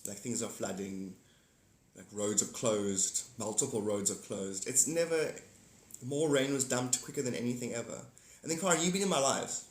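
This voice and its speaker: A man in his forties hosts a loose livestream chat. He rambles, repeats himself and keeps breaking off to greet viewers by name. His voice sits at a middle pitch and carries a roomy echo. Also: moderate pace. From South Africa. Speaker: livestream host.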